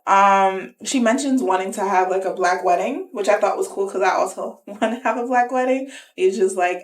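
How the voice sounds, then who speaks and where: Woman podcast co-host, casual recap chat, lively retellings. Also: mid-range voice, normal speed, hardly any pauses. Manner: animated retelling with quoted voices and laughs.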